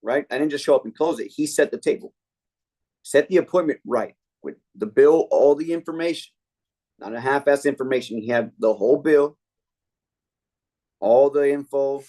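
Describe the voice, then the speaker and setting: A man leading a sales training meeting, telling a sales story with lively energy. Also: medium pitch, normal speed, long pauses. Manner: energetic storytelling, acting out customer quotes. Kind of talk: team training talk.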